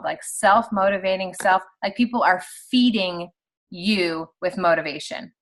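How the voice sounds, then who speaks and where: A woman in her thirties giving a casual, animated pep talk to her team on a video call. She talks quickly and fills her speech with "like.". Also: lowish voice. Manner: chatty and animated, heavy use of "like". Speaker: team leader on a sales call.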